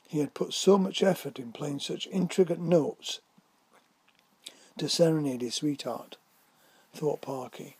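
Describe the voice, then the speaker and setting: A man reads a whimsical story aloud at a measured pace. His voice is mellow and dark with a husky edge. The recording is close and dry. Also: mid-range voice, fairly even intonation, no echo. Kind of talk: scripted story narration.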